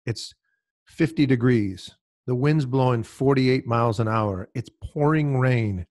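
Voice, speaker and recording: A man's voice: mid-range voice, measured pace, darkish tone, no room sound, close to an everyday voice. A man putting on an Irish brogue to play a male golfer telling a story about pressure. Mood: recounting. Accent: Irish brogue, put on.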